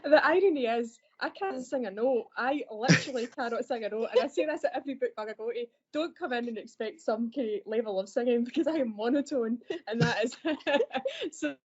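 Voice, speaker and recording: Chatty Scottish woman, mellow tone. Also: a little high, a little fast, hardly any pauses, husky. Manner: chatty, laughs easily, self-deprecating. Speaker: library assistant. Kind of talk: podcast conversation. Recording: dull lo-fi podcast audio.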